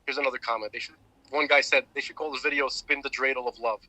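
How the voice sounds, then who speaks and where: A man's voice: medium pitch, fairly even intonation, quick pace, bright, forceful tone, dry recording, rough recording. A man on a podcast, casually retelling a story with lots of fillers and restarts. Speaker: podcast co-host. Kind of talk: casual chat.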